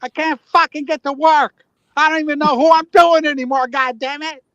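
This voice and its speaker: A man's voice: extremely high pitch, measured pace, a bit bright, no echo, lo-fi sound. A man voicing a furious, swearing driver stuck in traffic as a comic impression during a livestream chat. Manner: ranting, profane, repeats a name.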